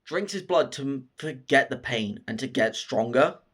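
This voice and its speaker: A man recapping a favourite film in casual, profane, excited storytelling. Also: mid-range voice, moderate pace. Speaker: film reviewer.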